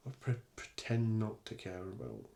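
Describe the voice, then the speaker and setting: A man's voice: fairly low pitch, big pitch swings, moderate pace, creaky, mellow. A young man hosting a podcast, talking candidly and bluntly in a casual solo monologue, with the odd swear word. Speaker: podcast host.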